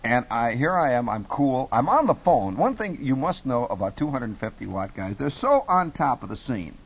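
A middle-aged man telling animated stories about his radio days as a talk show guest. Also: medium pitch, normal speed, husky. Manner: lively, jumps between put-on radio voices. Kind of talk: animated storytelling. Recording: dull lo-fi broadcast audio.

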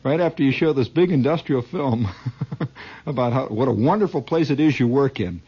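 A man's voice: mid-range voice, normal speed, husky. A man telling a comic story as a dramatic monologue, adding his own sound effects, on a dull lo-fi recording. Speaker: comedian.

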